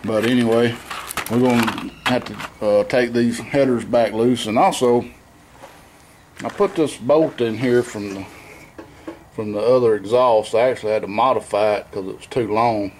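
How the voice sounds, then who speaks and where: Plainspoken guy rambling in his garage, middle pitch, lots of uhs, a bit of faint room noise. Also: moderate pace, darkish tone. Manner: rambling, with frequent fillers and self-corrections; plainspoken, easygoing. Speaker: home mechanic vlogger. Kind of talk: casual shop walkthrough. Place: home garage shop.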